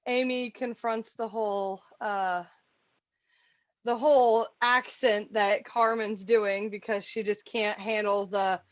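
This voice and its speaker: A woman's voice: mid-range voice, fairly even intonation, takes it slowly, no room sound. A woman co-hosting a podcast, recapping in casual chat with frequent swearing and laughter. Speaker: podcast co-host. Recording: dull lo-fi podcast audio.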